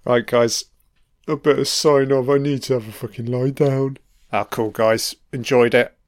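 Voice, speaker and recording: Unhurried, clear-voiced man swearing casually. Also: medium pitch. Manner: relaxed, emotional, fan-like enthusiasm. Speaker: podcast commentator. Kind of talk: casual audio commentary.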